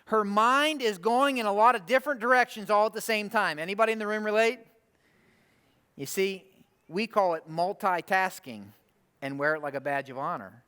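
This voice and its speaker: A man preaching a conversational sermon, animated, often asking the room rhetorical questions. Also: sits high, normal speed, clean tone. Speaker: pastor. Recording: long hall reverb.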